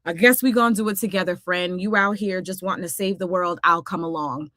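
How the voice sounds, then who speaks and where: A woman's voice: fairly low pitch, fairly even intonation, bright, forceful tone, no echo, clean studio sound. A woman voicing a little furry male sprite who talks in a blunt, slangy way. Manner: slangy, blunt, quick-talking.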